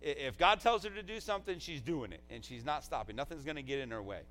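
A man's voice: a little high, animated, fast, fairly bright tone, poor audio. A man, a pastor, delivering a eulogy in a conversational, heartfelt way, often dropping in "man" as a filler.

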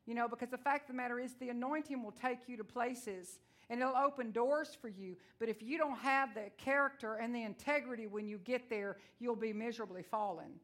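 A woman from Texas with a Texan accent, preaching a sermon in a loud, blunt, emotional and folksy way. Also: fairly high pitch, fairly quick, few pauses. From Texas, USA.

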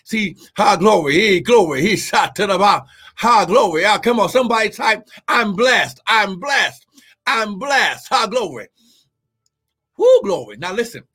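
Male preacher, high and bright-toned, fervent, call-and-response delivery, bursts of shouting. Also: husky. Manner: reads scripture aloud and breaks off to exhort listeners. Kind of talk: livestreamed sermon.

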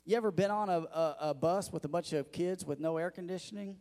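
A male pastor delivers his sermon in a somewhat high voice. He keeps asking the congregation rhetorical questions and calls for their answers. His voice rings out with the long reverb of a church hall. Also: fairly quick, a little mellow.

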